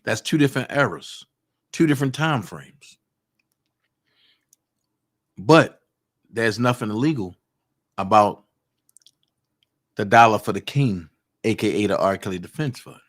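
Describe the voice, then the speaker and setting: A man's voice: fairly low pitch, animated, unhurried, pauses often. A man giving casual livestream commentary, talking straight to his viewers and repeating his points with emphasis. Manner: emphatic, repeats points to drive them home; confrontational, talks straight to viewers. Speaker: online commentator.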